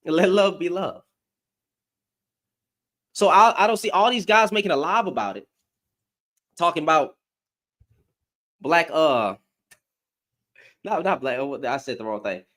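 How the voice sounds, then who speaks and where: A man's voice: on the high side, animated, measured pace, long pauses, sharp tone. A man giving a blunt, profane opinion rant to camera, firing off rhetorical questions as a commentary vlogger.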